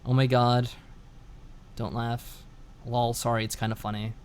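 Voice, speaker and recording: A man's voice: medium pitch, a little slow, heavy background noise. A man streaming a visual novel, chatting casually and reading the narration aloud. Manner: laid-back, reads narration aloud with lively inflection.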